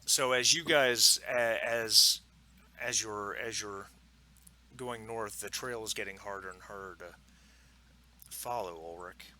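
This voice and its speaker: A man running a tabletop game as game master, explaining rules and narrating scenes in a relaxed way with many fillers. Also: lowish voice, slow pace, pauses often.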